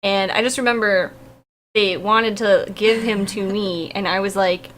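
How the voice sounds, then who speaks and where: A woman's voice: medium pitch, fairly quick, a little hiss or hum. A young woman streamer chatting casually and telling a story with lots of laughter. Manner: animated storytelling, laughing often. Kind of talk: casual chat.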